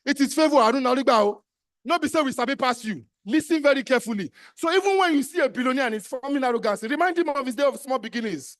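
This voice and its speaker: A man's voice: very high voice, lively intonation, fast talker, a bit bright. A man with a Nigerian accent giving a live motivational speech as an entrepreneurship trainer, emphatic and exhorting, repeating commands and slipping into Pidgin.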